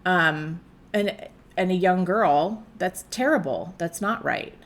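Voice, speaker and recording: A conversational woman in her thirties from the United States, talking through a reaction video in a relaxed, rambling way. Her voice sits fairly low and is full of little fillers. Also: takes it slowly. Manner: chatty, conversational with frequent fillers. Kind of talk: casual commentary.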